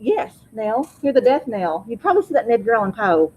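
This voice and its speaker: A woman teaching a high school vocabulary lesson in a classroom, having students repeat each word. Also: big pitch swings, fairly quick, slightly rough, narrow, tinny audio. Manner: drills pronunciation, asks class to repeat words.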